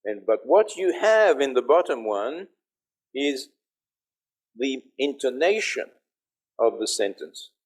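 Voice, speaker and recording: A man's voice: medium pitch, big pitch swings, slow pace, long pauses. An older man, a professor, giving an online conference lecture and explaining step by step while checking that listeners can hear him.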